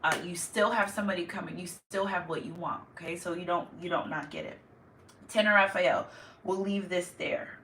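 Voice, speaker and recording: Woman tarot reader, bright and sharp, rambling and emotional, echoey room with a distant mic. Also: fairly low pitch, normal speed, a little hiss or hum. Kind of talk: casual tarot reading to viewers.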